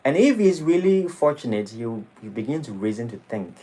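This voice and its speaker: A man's voice: mid-range voice, sing-song, moderate pace, dark tone, low-quality recording. Man preaching. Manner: dramatic, shifting into mocking acted quotes. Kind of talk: sermon. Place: temple hall.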